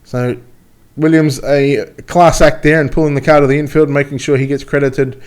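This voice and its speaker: A man announcing a dirt track race: chatty and joking between races, rising to excited play-by-play when the cars run. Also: a little high, normal speed, smooth.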